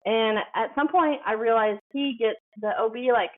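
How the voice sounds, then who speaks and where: A woman's voice: a little high, moderate pace. A woman guest telling her story casually, full of "like" and acted-out quotes. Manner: chatty, heavy use of "like", acts out quoted dialogue. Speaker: podcast guest. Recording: phone-like narrow band.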